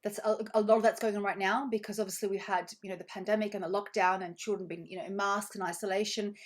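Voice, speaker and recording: A woman leads a live online training in an effusive, encouraging manner, with a voice of ordinary pitch. She reads participants' comments aloud and praises them. She repeats her key phrases for emphasis. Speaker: money coach.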